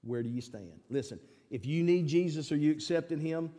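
A man preaching a sermon and giving an altar call, emphatic, swinging between loud appeals and quiet asides. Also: fairly high pitch, moderate pace, long reverb tail. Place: church sanctuary.

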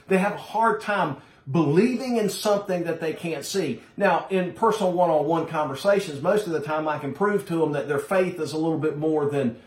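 A man's voice: a little high, reverberant. A man preaching a sermon to his congregation, emphatic and direct, calling his listeners folks. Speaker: pastor.

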